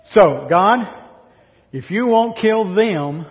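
A man preaching a sermon in a high, unhurried voice, talking to his congregation as if in conversation and throwing rhetorical questions at them. His words ring with a long reverb through a large church hall. The recording sounds a little dull. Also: lively intonation. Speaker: pastor.

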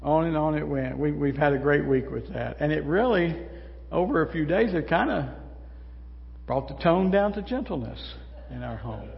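An older man delivers a folksy sermon from the pulpit, his voice sitting a little high for a man. He talks to the congregation as if chatting and keeps asking them questions. The sound is slightly muffled and rings with a long church reverb. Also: lively intonation, moderate pace, vocal fry, slight background noise. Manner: folksy, conversational preaching with rhetorical questions. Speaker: pastor. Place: church sanctuary.

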